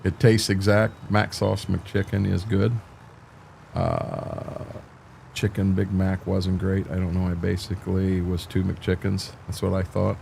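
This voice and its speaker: A man's voice: low voice, level tone, measured pace, vocal fry, a little mellow, a little hiss or hum. An older man hosting a casual game stream, talking in an easygoing, rambling, folksy way.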